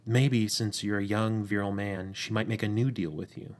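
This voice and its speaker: A man voicing a male demon who talks in halting, hesitant phrases in a low voice. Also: steady tone, lightly acted. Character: male demon, scheming yet tender.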